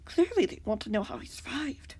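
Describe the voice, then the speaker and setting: A woman's voice: sits high, expressive, fairly quick, breathy edge, pitched above the performer's own voice. A woman reading the lines of a nervous, sheepish young man in a fan story, in a near-everyday voice. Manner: sheepish and quiet.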